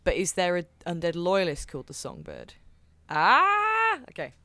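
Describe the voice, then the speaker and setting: Tabletop player, chatty, jokey, mid-pitched voice, dry close sound. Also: wildly swooping pitch, normal speed, bright, forceful tone, no room sound. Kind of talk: casual tabletop play.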